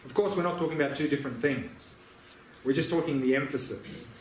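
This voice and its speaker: A man's voice: mid-range voice, brisk, slight background noise. A man teaching meditation, answering questions with patient, repetitive explanations. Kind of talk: dharma teaching Q&A. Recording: echoey room, faint ambience.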